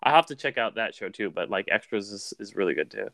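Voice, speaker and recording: A man's voice: on the low side, very animated, quick pace, creaky, fairly bright tone, dry recording. A man co-hosting a casual film-review podcast, talking loosely with swearing and lots of "like". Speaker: podcast co-host.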